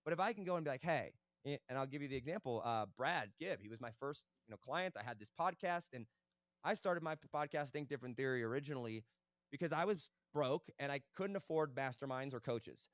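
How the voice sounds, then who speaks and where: A young man, a podcast guest, telling business stories in a casual interview, animated and fast, often tagging on "right?". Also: mid-range voice, no room sound, clean studio sound.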